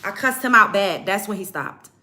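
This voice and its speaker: A woman's voice: mid-range voice, animated, normal speed, bright, forceful tone. A woman host talking casually to her livestream chat while getting ready. She is blunt and emphatic and repeats her points for stress. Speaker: show host.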